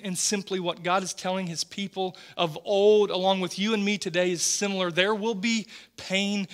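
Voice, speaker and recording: With a high voice, this man in his forties preaches earnestly and animatedly, frequently repeating words while telling stories from the pulpit.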